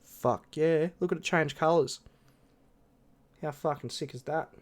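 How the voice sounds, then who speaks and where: A young man chatting casually on a live stream, excited and swearing freely. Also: fairly high pitch, unhurried, background noise.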